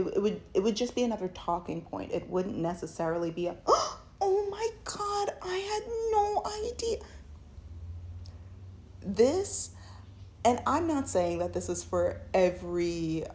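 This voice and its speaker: A woman giving a sassy, animated storytime commentary, often slipping into voices of the people she describes. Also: lowish voice. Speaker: video essayist.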